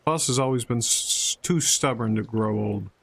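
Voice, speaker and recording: A man's voice: medium pitch, normal speed, vocal fry. A man voicing a grieving, stubborn old male villager from a narrative game, reading the lines aloud in a plain voice.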